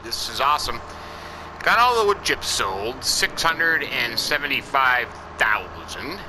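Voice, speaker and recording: A man's voice: mid-range voice, big pitch swings, measured pace, noisy background. A man playing a farming game in character as a farmer, commenting in a folksy, rambling way. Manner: folksy and rambling, with lots of "I tell ya" and "you know". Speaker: farming game let's-player. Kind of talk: in-character role-play commentary over gameplay.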